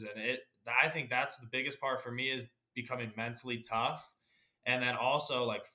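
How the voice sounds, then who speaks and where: A teenage boy, a high school athlete, giving easygoing answers in an interview. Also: pushed and bright. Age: teens. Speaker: guest athlete.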